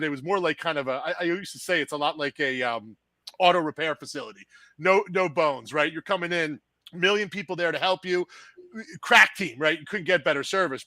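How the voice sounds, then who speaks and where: A man, an insurance agent telling a wild story in casual podcast chat, animated and salty, building to loud bursts. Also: a little high, no echo. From New Jersey.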